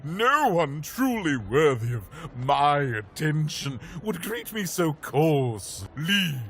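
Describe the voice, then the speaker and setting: A man's voice: fairly high pitch, sing-song, slow pace, fairly bright tone, slight background noise, full character voice. An actor playing a haughty, easily offended noble man in a video game, giving clipped, dismissive commands. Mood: imperious.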